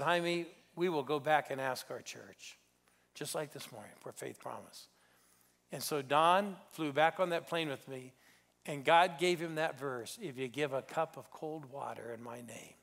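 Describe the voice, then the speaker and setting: A male pastor telling a story in a sermon, swinging from loud bursts down to hushed whispers. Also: fairly high pitch, creaky. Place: church sanctuary.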